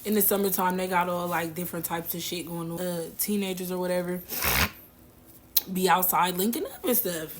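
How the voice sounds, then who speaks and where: A woman's voice: on the low side, fairly even intonation, moderate pace, slight background noise. Chatty woman telling a storytime. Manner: slangy, laughs while telling. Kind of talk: casual storytime vlog.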